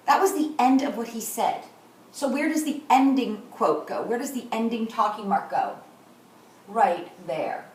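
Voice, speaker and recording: A woman in middle age teaching kindergarteners at a whiteboard, slowly and deliberately modeling words and sounds. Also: sits high. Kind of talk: teaching a class. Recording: echoey room, far from the mic.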